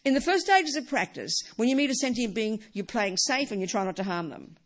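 Husky middle-aged buddhist teacher, mid-pitched, hammers points home by repeating them. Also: animated, fairly quick, fairly bright tone. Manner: emphatic, repeats key phrases. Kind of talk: dharma talk.

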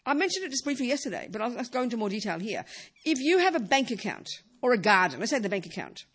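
A woman's voice: on the high side, big pitch swings, quick pace, a bit bright, breathy edge. A woman teaching Buddhism in a talk, emphatic and full of rhetorical questions.

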